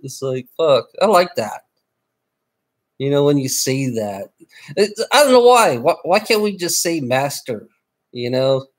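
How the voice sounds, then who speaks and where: A man's voice: medium pitch, lively intonation, unhurried. A man on a live stream, ranting angrily at his chat with lots of swearing and stumbling restarts. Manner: angry, profane, repetitive, stammering restarts. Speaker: livestreamer. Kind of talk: casual live stream rant.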